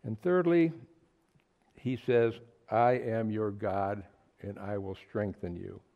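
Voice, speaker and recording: Gravelly-voiced man preaching emphatically. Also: lowish voice, fairly even intonation, slow, narrow, tinny audio. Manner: earnest, emphatic, with repeated words and asides. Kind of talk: sermon. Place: small fellowship meeting room.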